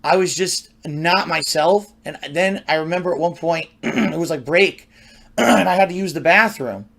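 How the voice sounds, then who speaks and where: Man, high-pitched voice, rambling personal storytelling, conversational, frequent restarts. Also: normal speed, gravelly, a bit bright. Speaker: storyteller recounting his youth.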